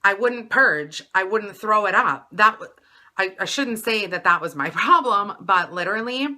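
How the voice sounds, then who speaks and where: A woman's voice: mid-range voice, animated, normal speed, pushed and bright. A woman from Wisconsin talking in a rambling, filler-heavy way, confiding in her viewers in a weight-loss vlog. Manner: chatty, rambling, full of "like" and "um". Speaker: vlogger.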